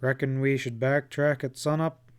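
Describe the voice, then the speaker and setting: A man reading a thick-set frontier guide who talks in a gruff, plain drawl. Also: mid-range voice, little pitch movement, normal speed, lightly acted. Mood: patient.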